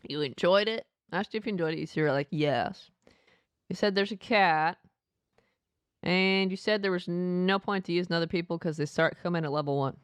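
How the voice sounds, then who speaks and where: A woman's voice: on the low side, a little fast, clear, resonant tone, dry recording, clean studio sound. A woman streaming a game live, playfully reading the game's text aloud with asides.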